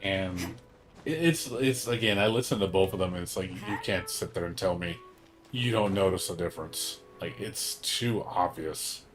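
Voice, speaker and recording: A young man ranting casually on a gaming livestream, with a fairly low voice. He rambles through fillers and restarts, stressing words and swearing freely. A faint hiss of noise sits under him. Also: moderate pace. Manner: rambling, filler-heavy, cursing, emphatic. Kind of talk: casual gaming stream chat.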